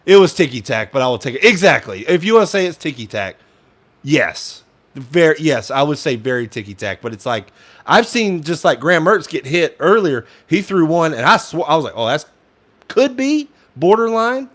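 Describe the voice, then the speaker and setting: A man's voice: fairly high pitch, sing-song, normal speed. A young man giving casual fan play-by-play commentary, frustrated and ranting at the play calling, sometimes swearing.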